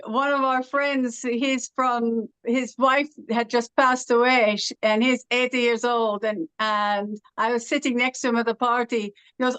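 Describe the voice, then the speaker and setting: A woman's voice: a little high, flat delivery, unhurried, hardly any pauses, fairly bright tone, clear, resonant tone, no echo, rough recording. A middle-aged woman from Los Angeles with Irish-sounding R's, telling stories in casual conversation with many "uh" fillers. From Los Angeles, United States. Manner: storytelling with frequent uh fillers. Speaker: interview guest.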